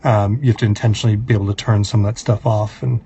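A man's voice: fairly low pitch, little pitch movement, quick pace, mellow, lo-fi sound, a little hiss or hum. A man, a comedy writer and podcast guest, talking in a thoughtful, laid-back way. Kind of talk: casual podcast chat.

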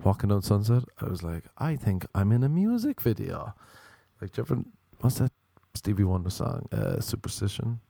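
A man's voice: on the low side, big pitch swings, normal speed, creaky, dark tone, husky, no echo. A young man hosting a podcast, rambling through comic stories, swearing freely and acting out the voices in them. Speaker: podcast host. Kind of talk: casual comedic monologue.

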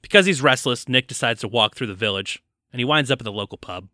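A man's voice: medium pitch, quick pace, pushed and bright, no room sound, studio quality. A man co-hosting a podcast, recapping a movie's plot in casual joking chat. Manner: recaps the plot, jokey banter. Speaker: podcast co-host.

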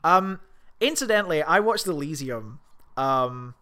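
A man co-hosting a casual film chat, tumbling through his thoughts with restarts and frequent swearing. His voice is bright and smooth, sitting a touch higher than most men's. He gets animated and excitable as he talks. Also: unhurried. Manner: rambling, swears often, excitable. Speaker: podcast co-host.

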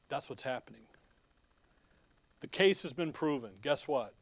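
A man's voice: mid-range voice, lively intonation, a little slow, pauses often. A man preaching a sermon in a conversational, storytelling way. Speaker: pastor.

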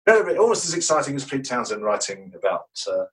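A man's voice: medium pitch, sing-song, fast, recorded from a distance, a little hiss or hum, poor audio. A man tells story after story as a guest on a radio show, eager and rambling as he goes. His voice sits mid-range. The mic is a little away from him. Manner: enthusiastic, rambling anecdotes. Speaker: musician guest. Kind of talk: radio interview chat.

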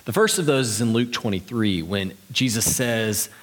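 A pastor delivering a sermon in a church, earnest and conversational with light humor. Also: male voice, lowish voice, lively intonation, normal speed. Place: church sanctuary. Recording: long reverb of a large hall.

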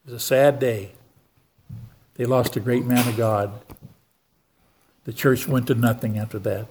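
A man's voice: medium pitch, fairly even intonation, measured pace, long pauses, a little mellow, slight background noise. An older man giving a sermon in church, telling a story from his life and calling on the congregation for amens. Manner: storytelling preacher who keeps asking the church for amens. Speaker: guest preacher.

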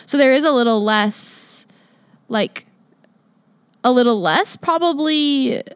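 A young woman co-hosting a podcast, talking casually in a reflective, halting way. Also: high voice, lively intonation, smooth, dry recording. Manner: reflective, halting, many fillers. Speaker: podcast co-host. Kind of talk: casual chat.

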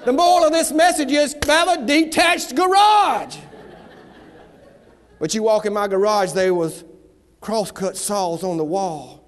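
A man from the American South preaches a fiery revival sermon in a folksy manner, swinging between shouts and hushed asides, in a church sanctuary. His voice is high and at normal speed, with the long reverb of a large hall.

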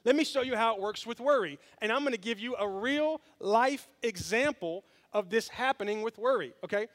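High-voiced, animated preaching man. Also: moderate pace. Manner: animated storytelling with humor, addressing the congregation. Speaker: pastor. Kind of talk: sermon. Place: church sanctuary.

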